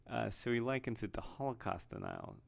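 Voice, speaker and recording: A man's voice: medium pitch, huge pitch swings, a little fast, vocal fry. A man giving casual, rambling video commentary, often restarting and reading headlines aloud. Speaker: vlogger.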